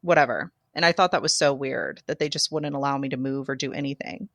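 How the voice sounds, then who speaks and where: Woman guest, low voice, dry sound; candid, emotional storyteller. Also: fast talker, fairly bright tone, no room sound. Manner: candid, emotional, laughs through hard parts. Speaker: podcast guest. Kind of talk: personal birth story.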